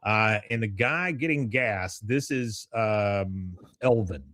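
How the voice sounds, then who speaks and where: A man's voice: lowish voice, slow pace, fairly bright tone, no room sound, studio quality. A man hosting a podcast, chatting casually through an episode recap with lots of fillers. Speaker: podcast host.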